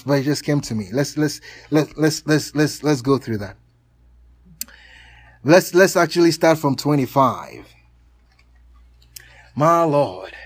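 High-voiced, slow, chuckling male preacher. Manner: slow, emphatic scripture reading with frequent chuckles. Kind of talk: sermon with Bible reading.

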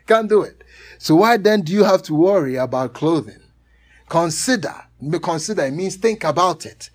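A man preaching a sermon, reading scripture aloud slowly and emphatically and often chuckling between points. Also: on the high side, expressive.

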